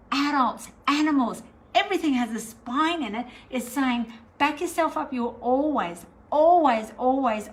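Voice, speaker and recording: A woman's voice: on the high side, a little hiss or hum, low-quality recording. A middle-aged Australian woman, a spiritual teacher, chatting casually to camera, meandering with lots of fillers. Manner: chatty, meandering, warm and encouraging with many fillers.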